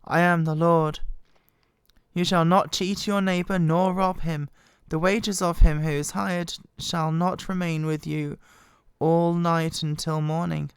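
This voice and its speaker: A woman with a bad cold, hoarse and quiet, her voice wobbling as she reads scripture aloud close to the microphone. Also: fairly even intonation, no echo. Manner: quiet, halting, voice wobbling in pitch. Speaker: Bible reader. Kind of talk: slow scripture reading.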